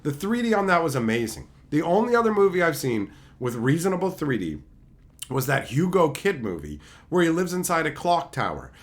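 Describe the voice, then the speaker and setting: A man's voice: fairly high pitch, big pitch swings, brisk. A man streaming live, ranting sarcastically and profanely while answering chat. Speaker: streamer reviewing and chatting. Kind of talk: casual livestream rant.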